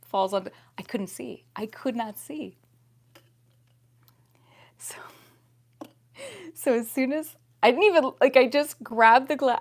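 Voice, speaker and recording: A young woman vlogger chatting casually to her viewers, laughing often and swinging between loud exclamations and hushed whispers. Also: medium pitch. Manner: laughs often while talking.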